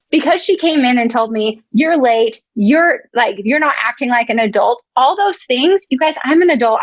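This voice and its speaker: A woman's voice: on the high side, no room sound, highs cut off. A woman coach telling a frank, self-mocking story in a casual workshop chat. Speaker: dental practice coach.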